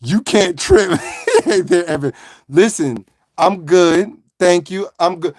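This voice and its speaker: A man with a notably high speaking voice hosts a loose, joking live stream. He greets viewers one by one, laughs often and clowns around between shout-outs. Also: slow, no room sound, clean studio sound. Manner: playful, animated, laughing, greeting chat. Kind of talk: casual live-stream chat.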